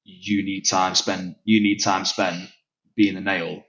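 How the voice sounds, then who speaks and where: A lower-voiced man with a Manchester accent hosts a grappling chat show. He talks loosely, swears freely and laughs easily. The recording is dull and lo-fi. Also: level tone, takes it slowly, fairly bright tone. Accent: Northern English, Manchester. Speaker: podcast host and grappling coach. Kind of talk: casual chat. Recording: dull lo-fi sound.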